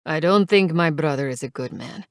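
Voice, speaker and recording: Brief: a woman playing a troubled mob man, doubtful and measured. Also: deep voice, animated, dry recording, clean studio sound. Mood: wary.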